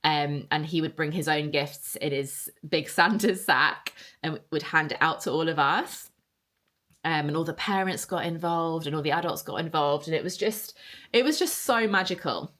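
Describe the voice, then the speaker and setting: A woman's voice: sits low, moderate pace, fairly bright tone. Chatty woman podcaster, fond storytelling. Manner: chatty and nostalgic, many fillers and repeated words. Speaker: podcast host. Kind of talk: casual solo podcast storytelling.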